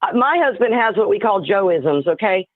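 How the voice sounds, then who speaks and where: Over a thin, tinny phone line, a caller to a live show speculates casually in an expressive, mid-range voice at a moderate pace. She rambles with lots of fillers, restarts, and unfinished sentences, and the sound is dry and close with no echo.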